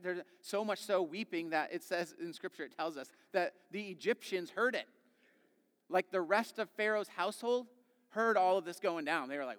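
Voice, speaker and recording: A man's voice: on the high side, fairly quick, a bit bright. A man preaching a sermon in a conversational, emphatic way, often checking in with his listeners by asking "right?". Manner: conversational, emphatic, with tag questions. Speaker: pastor. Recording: long hall reverb.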